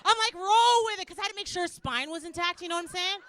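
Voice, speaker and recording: A woman from Canada in her thirties doing a stand-up set, acting out her kids and herself in loud, high voices. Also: very fast. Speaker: stand-up comedian. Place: comedy club stage.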